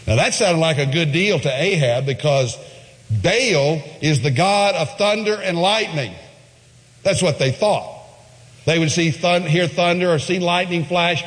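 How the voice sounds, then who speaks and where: A man's voice: high voice, animated, unhurried, fairly bright tone, big-room sound. Emphatic man preaching a sermon. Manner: emphatic storytelling, retelling a story with asides.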